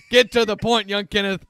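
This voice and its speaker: A grumpy mall Santa with a scratchy smoker's rasp, as a podcast host puts him on, scolding and sarcastic. His voice sits high and bright, with a dry, close sound. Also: no echo. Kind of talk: comedy bit on a sports podcast. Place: small closet studio.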